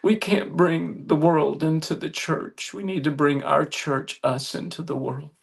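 Gravelly, husky-voiced preacher man. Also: on the high side, fairly even intonation. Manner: earnest, halting restarts building to emphatic appeals. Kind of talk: storytelling sermon.

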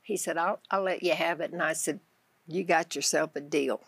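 A woman with a Texan accent tells her faith story on a Christian talk show, speaking in a low, gravelly voice. She tells it with animation, acting out her own prayers as she goes. The sound is dry and close, with no room echo. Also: moderate pace, a bit bright. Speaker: guest author.

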